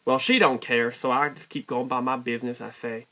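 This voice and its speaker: A man telling a rambling, mock-folksy comic story in a put-on Southern US drawl, deadpan and constantly correcting himself. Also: mid-range voice, fairly quick. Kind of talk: deadpan comic character monologue.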